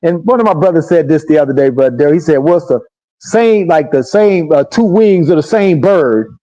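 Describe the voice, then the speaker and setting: A man with a high, very lively voice that swoops up and down as he preaches to his listeners. His tone is mellow rather than bright. The stream audio sounds dull and lo-fi. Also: fairly quick. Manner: preacherly, conversational, answers imagined questions. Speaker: host. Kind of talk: motivational livestream talk.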